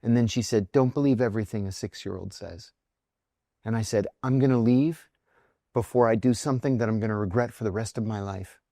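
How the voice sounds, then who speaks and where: A man's voice: fairly low pitch, a little fast, warm tone, dry recording, studio quality. A middle-aged man, a former intelligence officer, telling a personal story in a podcast interview, acting out the voices of the people in it.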